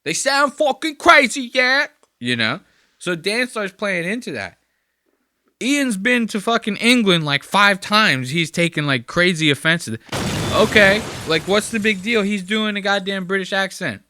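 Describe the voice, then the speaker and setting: A man's voice: sits high, expressive, unhurried, bright, forceful tone. A man hosting a podcast, giving casual reaction commentary in a profane, mocking way. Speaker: podcast host.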